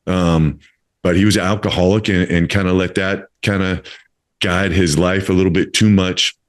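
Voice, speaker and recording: A man's voice: sits low, steady tone, normal speed. A man in his fifties hosting a casual interview, talking in a rambling way with many fillers and restarts. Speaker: podcast host.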